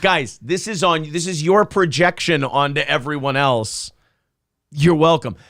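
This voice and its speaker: A man co-hosting a casual podcast, ranting sarcastically and mocking his critics in shouted put-on voices. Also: a little high, measured pace, no room sound, clean studio sound. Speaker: podcast co-host. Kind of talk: casual profane banter.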